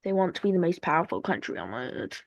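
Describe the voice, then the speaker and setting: A woman's voice: fairly low pitch, sing-song, fast, creaky, no room sound. A woman giving casual, rambling commentary over a map, cracking jokes and playfully repeating words. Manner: playful, rambling, jokey asides; repeats words in sing-song fashion. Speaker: map video narrator.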